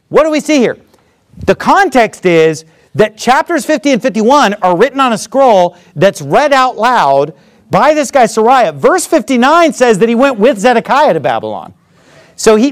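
A pastor with a notably high-pitched voice is delivering a sermon. He walks through scripture verse by verse and slips into quick acted asides for the people in the story.

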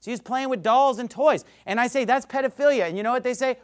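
A male pastor preaching a fiery, impassioned sermon that rises to shouts. He says himself that he is getting worked up. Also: extremely high pitch, fast.

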